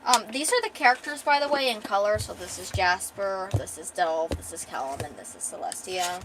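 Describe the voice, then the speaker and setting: With background noise behind her, this young comic artist and streamer talks fairly quickly at a medium pitch. The chat is casual and meandering, full of fillers and false starts.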